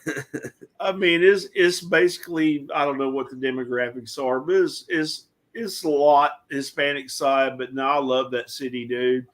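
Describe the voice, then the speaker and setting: A man's voice: mid-range voice, steady tone, normal speed, a bit bright. A man with a Southern US accent chatting casually, folksy, calling people dude and brother. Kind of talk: casual podcast chat.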